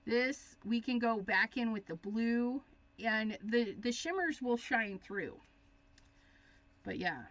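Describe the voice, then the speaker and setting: A woman hosting a crafting tutorial, chatting casually and thinking aloud, easily excited as she works. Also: a little high, slow, highs cut off. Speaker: craft demonstrator. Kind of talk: live crafting tutorial chat.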